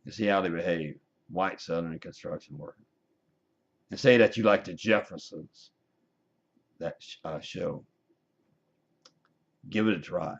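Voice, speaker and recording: A man's voice: low-pitched, unhurried, vocal fry, long pauses, breathy edge, highs cut off. A man delivering a profane, combative, preachy rant to his webcam. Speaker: vlogger. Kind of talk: ranting webcam monologue.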